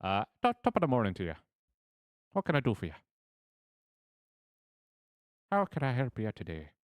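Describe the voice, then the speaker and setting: Brief: a chirpy shopkeeper with a hammed-up stage-Irish lilt, pitched well up and brassy, as a man puts him on. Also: wildly swooping pitch, normal speed, dry recording. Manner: over-the-top stage-Irish phrasing, loud and bouncy. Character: cheerful male weapon vendor with a hammy mock-Irish lilt.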